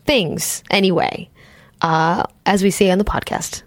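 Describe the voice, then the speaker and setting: A woman's voice: fairly low pitch, fairly even intonation, a little slow, no room sound. A woman hosting a podcast, chatting casually with a playful, self-mocking manner. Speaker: podcast host. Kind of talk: casual chat.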